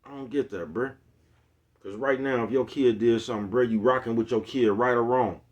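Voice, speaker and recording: A man's voice: medium pitch, steady tone, fairly quick, dull audio. A middle-aged man talking casually to his viewers in street slang, often checking in with his listeners. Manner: laid-back street slang, frequent asides to listeners. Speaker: vlogger.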